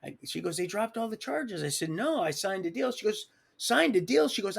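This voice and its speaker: Gravelly-voiced man telling his life story. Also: high voice, normal speed, hardly any pauses. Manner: animated, swings loud and quiet, acts out quotes. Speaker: livestream storyteller. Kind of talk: rambling personal storytelling. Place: home livestream setup.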